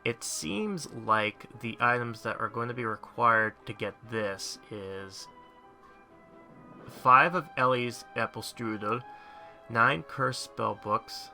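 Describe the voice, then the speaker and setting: A man's voice: mid-range voice, vocal fry, sharp tone. A man hosting a gaming channel, giving a chatty, rambling walkthrough of a mobile game's crafting and thinking aloud as he goes. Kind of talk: casual game guide commentary.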